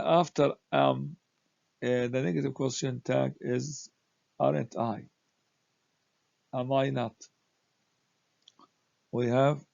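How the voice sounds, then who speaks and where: A man teaching a grammar lesson, speaking haltingly with many "uh" fillers as he reads example sentences aloud. The recording is dull, lo-fi and dry. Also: mid-range voice, gravelly, darkish tone, no room sound. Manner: slow, halting delivery with frequent "uh" fillers.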